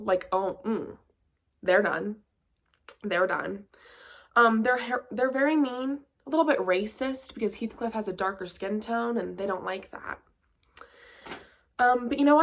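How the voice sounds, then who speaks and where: A woman talks through a book review in a loose, chatty vlog style, with filler words and playful sarcastic quips. Her pitch sits in a middle range and her delivery is relaxed and conversational. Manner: chatty, lots of "like" and asides.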